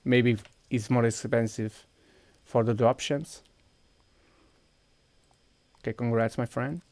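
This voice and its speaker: A man's voice: medium pitch, steady tone, slow, darkish tone, no echo. A man with a Portuguese accent streaming a game, walking viewers through each step while he clicks and thinks aloud. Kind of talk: casual live-stream chat.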